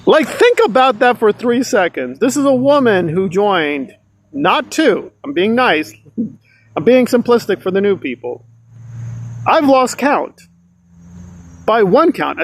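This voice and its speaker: Male commentator, sarcastic and emphatic, high voice that swings all over, dry close sound. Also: no room sound. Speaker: online commentator. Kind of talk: ranting commentary.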